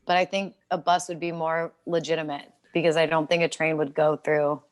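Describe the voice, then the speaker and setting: Young woman, low-ish voice, salty rambling podcast co-host. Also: little pitch movement, fairly quick. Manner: profane, laughing, rambling storyteller. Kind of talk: casual podcast chat.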